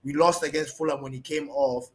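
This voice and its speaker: A man's voice: fairly high pitch, steady tone, fairly quick, a loud crowd. A man co-hosting a football podcast, emphatic and blunt in casual chat. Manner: emphatic, blunt, says "bro". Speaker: podcast co-host.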